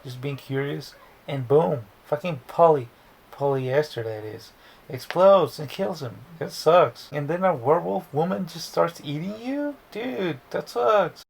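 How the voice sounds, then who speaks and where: A man's voice: a little high, lively intonation, a little slow, vocal fry, a little hiss or hum, low-quality recording. A man casually recapping a movie plot in a rambling, profane way, often restarting words. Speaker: movie reviewer.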